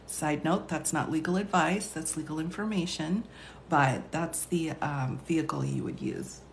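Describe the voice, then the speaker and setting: A woman's voice: low-pitched, a little slow, gravelly, a little hiss or hum. A woman who is a lawyer and law teacher, hosting a casual live stream, chatting and laughing often as she reads viewer comments aloud. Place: indoor room, streaming live. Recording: roomy echo.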